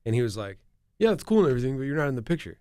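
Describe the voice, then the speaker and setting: A man's voice: mid-range voice, sing-song, racing, mellow, smooth, no room sound, clean studio sound. A young man co-hosting a podcast, joking about himself in casual chat. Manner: joking, self-mocking. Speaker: podcast co-host.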